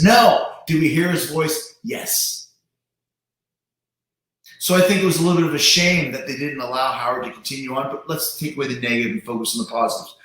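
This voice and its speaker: A man's voice: fairly high pitch, a bit bright. A man hosting a show, talking in a casual, emphatic monologue with some swearing and repeated words. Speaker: show host. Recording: very echoey room.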